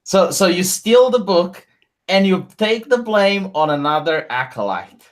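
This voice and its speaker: A man's voice: high voice, animated, a little slow. A man voicing a zealous monk who preaches and accuses. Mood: accusing.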